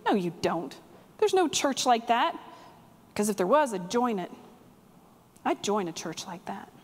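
A woman voicing a gruff, blunt middle-aged male diner owner during a sermon, in a church sanctuary with long reverb. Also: mid-range voice, sing-song, unhurried.

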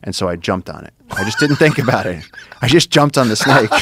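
Male podcast guest, very low gravelly voice, animated storyteller, swears freely, dry close mic. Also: fairly quick, no echo. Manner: excited, profane, lots of fillers and restarts. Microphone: studio podcast mic.

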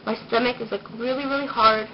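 Still recovering from a cold, this young woman shares a laid-back pregnancy update on her vlog, rambling shyly and saying "um" often. Her voice is on the high side, fairly even in intonation, and fairly quick; the home video is dull, lo-fi, and noisy.

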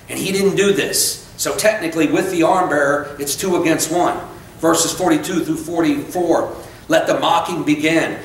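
A man preaching a sermon in a church, fired up and conversational, breaking off into quick asides and correcting himself. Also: fairly high pitch, a bit bright. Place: church sanctuary. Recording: very echoey church room, voice from far off, faint noise.

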